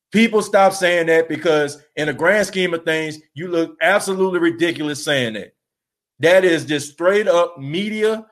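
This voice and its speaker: Fired-up man ranting on a sports podcast. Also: a little high. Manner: emphatic, repetitive rhetorical questions, casual slang. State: tired after an overnight shift. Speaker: podcast host.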